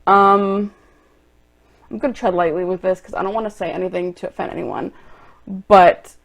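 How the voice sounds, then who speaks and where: A young woman vlogger reacting to online film reviews, exasperated and ranting, turning loud and quick when annoyed. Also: mid-range voice, fairly even intonation, creaky. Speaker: movie vlogger.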